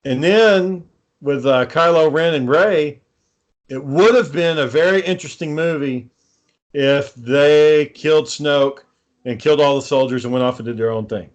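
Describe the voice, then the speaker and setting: A man's voice: on the high side, normal speed, dull audio. A man co-hosting a casual podcast chat, ranting with lots of swearing and sarcasm. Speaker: podcast co-host.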